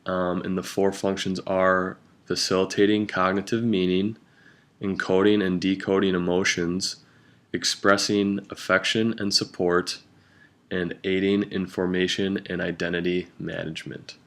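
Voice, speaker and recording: A young man giving a class presentation, speaking slowly and hesitantly with frequent ums. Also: low-pitched, flat delivery, fairly bright tone. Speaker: student presenter.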